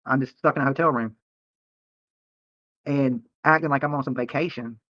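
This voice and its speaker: A man's voice: mid-range voice, fairly even intonation, moderate pace, no room sound. A man live-streaming from a hotel room, ranting at critics in a profane, heated and repetitive way. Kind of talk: late-night livestream rant. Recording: dull lo-fi stream audio.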